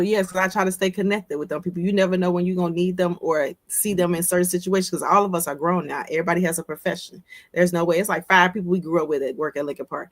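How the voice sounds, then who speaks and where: A woman's voice: on the low side, fast talker, dry recording, clean studio sound. A woman from Chicago co-hosting a podcast, chatting casually and emphatically. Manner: emphatic, agreeing back-channels.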